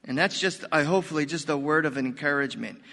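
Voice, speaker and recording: Older male pastor, high and bright, folksy animated sermon, long hall reverb. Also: fast talker, gravelly. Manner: animated, folksy preaching with sudden loud bursts.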